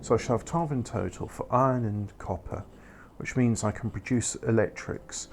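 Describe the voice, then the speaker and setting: A man's creaky, slightly mellow, medium-pitched voice carries casual, meandering commentary as he plays a factory-building game at a normal pace. He corrects himself and makes wry asides, and there's slight background noise in this let's-play.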